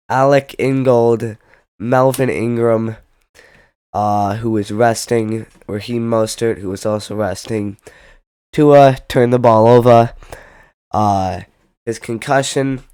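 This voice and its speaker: A young man with a lowish voice rambles through his football picks at an unhurried, drawn-out pace. He trails off, corrects himself and tosses in wry asides. The sound is dry and close, with no room around it. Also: fairly even intonation, darkish tone, clean tone, no room sound. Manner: rambling, self-interrupting, jokey asides. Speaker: sports predictions vlogger. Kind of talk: casual football picks commentary.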